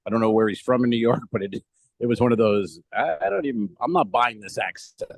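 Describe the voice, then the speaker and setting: Low-voiced man rambling through a story. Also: fast talker, vocal fry, dry recording, poor audio. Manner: rambling,喜 swearing, laughs while telling stories. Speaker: podcast co-host, comedian. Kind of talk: casual chat. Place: remote call from a cruise ship.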